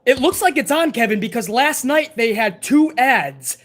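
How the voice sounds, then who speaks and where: A man's voice: extremely high pitch, lively intonation, moderate pace, a bit bright. A man hosting a live stream, chatting casually and profanely and answering viewer messages. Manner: profane, laid-back banter, reading viewer messages.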